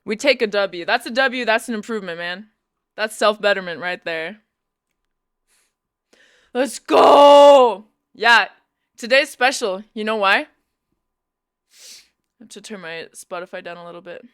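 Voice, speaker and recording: A woman's voice: medium pitch, moderate pace, pauses often, pushed and bright, clean tone, no echo, clean studio sound. A young woman chatting casually with her live-stream audience, playful and teasing, laughing often. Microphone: Bluetooth headphones.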